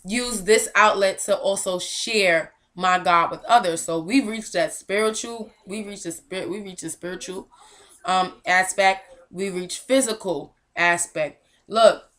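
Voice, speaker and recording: A woman's voice: medium pitch, measured pace, a bit bright. A young woman hosting a casual vlog, speaking earnestly and encouragingly, with some casual slang. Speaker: movement founder and show host.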